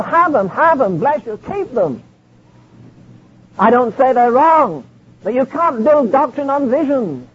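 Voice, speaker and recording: Man preaching old-time sermon, very high husky voice, muffled old tape sound. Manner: preaches with scripture quotes in King James wording. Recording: dull lo-fi archive sermon recording.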